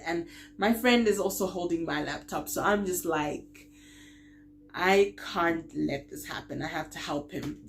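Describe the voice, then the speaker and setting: Animated, low-voiced woman telling a story. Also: a little hiss or hum. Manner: animated storytelling, acting out quoted lines; laughs while telling. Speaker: vlogger. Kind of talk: storytime vlog.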